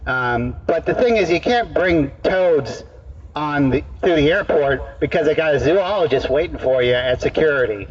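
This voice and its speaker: A male street comedian telling a rambling, deadpan absurd story in halting, repeated phrases to people in an outdoor park. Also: a little high. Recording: dull distant outdoor recording.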